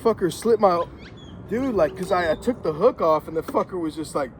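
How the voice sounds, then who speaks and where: Man on the street, high, very lively swearing storyteller, off-mic outdoors. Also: normal speed, a little hiss or hum. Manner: animated, profane storytelling. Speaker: passerby met on the street. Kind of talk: casual street chat.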